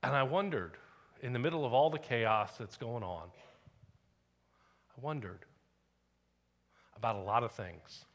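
Bright-voiced pastor telling a story. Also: male voice, mid-range voice, measured pace, pauses often. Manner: conversational storytelling with dips to quiet asides. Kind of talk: sermon.

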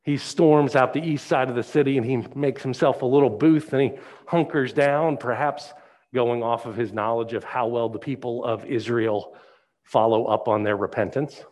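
A male pastor preaching a sermon, retelling a Bible story in a lively storytelling way. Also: mid-range voice, moderate pace. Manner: animated storytelling.

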